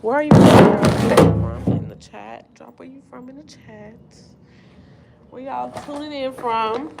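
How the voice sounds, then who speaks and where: A talkative woman from Texas chats loosely to her viewers, slangy and full of asides. Her voice sits a little high. A clear hum of background noise and passing traffic runs under her. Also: a little slow. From Dallas, Texas. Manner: chatty, slangy, rambling asides to the chat. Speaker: livestream host. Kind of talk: casual live-stream chat. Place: at home while cooking.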